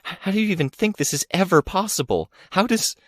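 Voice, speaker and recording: A man's voice: high-pitched, expressive, brisk, no echo, pitched above the performer's own voice. Bitter young heroine, read by a man, strangled breathless whisper, dry close sound. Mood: distraught. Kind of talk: audiobook character reading.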